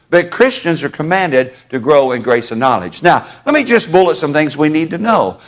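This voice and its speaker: A man preaching a sermon to his congregation in a church, folksy and conversational, calling on listeners by name. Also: fairly high pitch. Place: church sanctuary.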